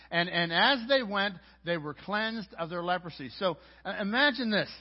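A man's voice: high-pitched, lively intonation, normal speed, hardly any pauses. A man preaching a sermon as pastor, in a conversational way with frequent stammered restarts. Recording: dull lo-fi audio.

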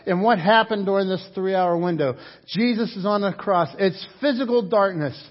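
A man with a notably high voice preaching a sermon with passion. He swings between hushed moments and loud, emphatic bursts, often repeating words as he builds. The recording sounds dull and lo-fi. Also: moderate pace. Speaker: pastor.

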